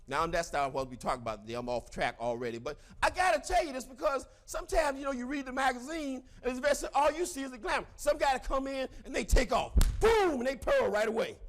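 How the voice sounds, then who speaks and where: A middle-aged man giving a fiery, preacher-like motivational speech to a crowd, breaking into shouts. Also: very high voice, very animated, quick pace, few pauses. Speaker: motivational speaker.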